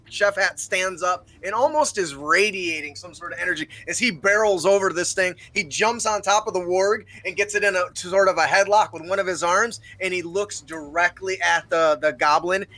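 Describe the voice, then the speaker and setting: Man player, bright voice, slightly high, narrates his character's moves. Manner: explains rules, narrates his character's actions. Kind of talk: playing a tabletop game, casual chat.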